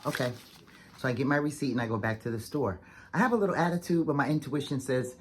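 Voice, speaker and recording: A woman vlogger telling a story to the camera in a chatty, fast, animated way, full of "like"s and acted-out quotes. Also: rumbling low, husky. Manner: chatty, fast-talking, animated retelling with many "like"s.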